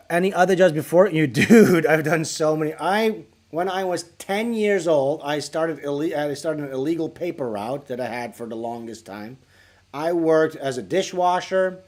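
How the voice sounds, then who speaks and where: A male livestreamer with a somewhat high voice rambles through crude, profane anecdotes, laughing as he goes. He acts out the people in his stories in louder voices and keeps a loose, chatty flow. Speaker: livestreamer answering viewer questions. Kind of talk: casual livestream chat.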